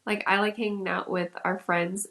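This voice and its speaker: A young woman co-hosting a podcast, talking in a relaxed, giggly, self-deprecating way. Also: mid-range voice, moderate pace, vocal fry. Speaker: podcast co-host. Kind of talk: casual chat.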